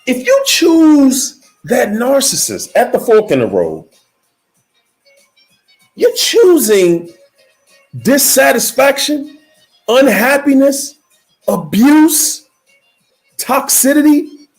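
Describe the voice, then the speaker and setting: High, animated male motivational speaker. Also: soft background music. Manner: emphatic, repetitive preaching cadence; slows down to stress key words. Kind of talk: motivational speech.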